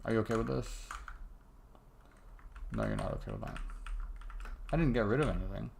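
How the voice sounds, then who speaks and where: A young game developer streams his work, muttering to himself while coding and breaking off mid-sentence in casual live commentary, with keyboard typing and mouse clicks behind him. His lowish, creaky, slightly mellow voice swoops wildly in pitch at a slightly fast clip. There's slight background noise.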